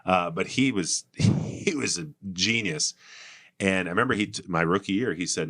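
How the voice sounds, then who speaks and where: A low, deep male voice talks politics casually. He spins folksy anecdotes with an easy storytelling rhythm. The sound is dry and close, with almost no room around it. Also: normal speed, a bit bright, dry recording. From Minnesota. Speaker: political candidate guest.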